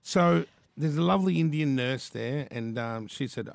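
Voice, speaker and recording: Male radio host, animated raconteur; gravelly, dry close mic. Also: mid-range voice, normal speed, no room sound. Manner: animated storyteller, acts out voices. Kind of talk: casual radio banter, storytelling.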